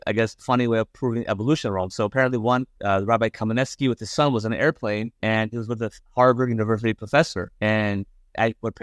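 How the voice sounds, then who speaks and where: A young man from Los Angeles, a podcast guest telling his story casually, halting with lots of fillers. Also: mid-range voice, dry recording, clean studio sound. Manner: halting, many fillers and restarts.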